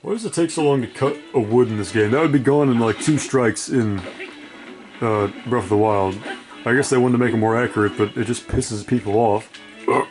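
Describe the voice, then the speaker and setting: A sleep-deprived gaming video creator keeps up rambling, profane, self-deprecating commentary while playing a video game. His mid-range voice is fairly quick with a darkish tone, and faint music plays behind him in this casual gameplay chat.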